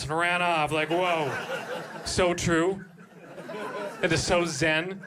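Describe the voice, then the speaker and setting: A man in his thirties performs stand-up on a comedy club stage, his voice high and ringing with a bright, forceful edge. He keeps up a lively set and breaks into shouted high voices for his bits. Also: moderate pace, pauses often, some chatter behind.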